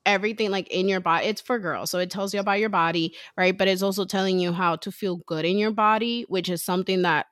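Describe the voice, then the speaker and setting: A woman's voice: mid-range voice, fairly even intonation, quick pace, few pauses, fairly bright tone, dry recording, clean studio sound. A woman in her thirties, a mother and co-host, chatting casually and acting out quoted lines as she tells a story.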